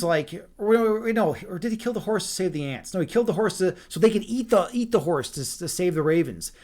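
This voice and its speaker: A man's voice: sits high, animated, a little fast, hardly any pauses, darkish tone. A man livestreaming, reading a fairy tale aloud and chatting with viewers in a rambling way, repeating his words.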